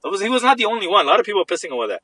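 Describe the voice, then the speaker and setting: Bright-voiced male podcast co-host. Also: sits high, very animated, very fast, slightly rough, low-quality recording. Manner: laughs while reading, loses his place. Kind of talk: casual podcast chat, reading a listener story aloud.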